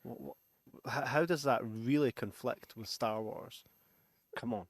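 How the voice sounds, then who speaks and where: A man's voice: medium pitch, a little slow, dry recording, clean studio sound. A young man co-hosting a film-review podcast, joking and bantering in casual chat and reading out listener comments. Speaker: podcast co-host.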